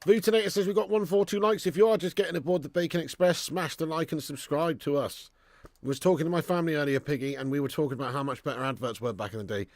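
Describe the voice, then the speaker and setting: A man hosts a live stream in a gravelly, slightly high voice, bantering loosely with his viewers. He reads out their comments and swears freely as he chats. The sound is close and dry. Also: fast, darkish tone, no room sound. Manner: chatty banter reading out viewer comments, swears and laughs often. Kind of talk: casual live watch-along chat.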